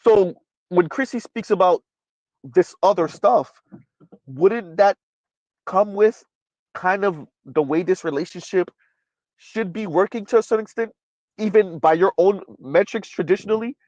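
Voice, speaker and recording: Emphatic stream host, man, pitched a little high, dry close mic. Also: a little slow, long pauses, darkish tone, no echo, dull audio. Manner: emphatic, repeats "right?" often. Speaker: commentary channel host. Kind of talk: livestream commentary reading chat.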